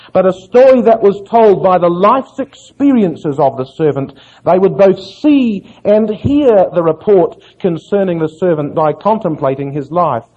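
A man preaches an earnest Bible exposition to his congregation, posing questions and answering them himself. His voice sits high yet mellow, with a husky grain. The recording sounds dull and lo-fi. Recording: muffled lo-fi sermon recording.

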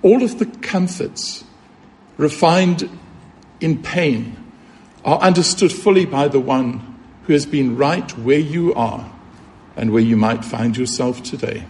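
A man's voice: mid-range voice, slow pace, a little mellow. A man preaching a sermon, earnest and emphatic, repeating key points and asking rhetorical questions.

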